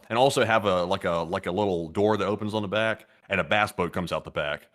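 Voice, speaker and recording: A man's voice: sits low, quick pace, few pauses, fairly bright tone. An American man co-hosting a casual live chat, rambling and hesitant with many fillers. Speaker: co-host.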